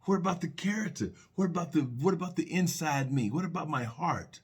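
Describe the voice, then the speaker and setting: A man's voice: on the high side, animated, a little fast, slightly rough. A middle-aged man sharing personal reflections on faith and love, earnest and repetitive, full of rhetorical questions and restarts.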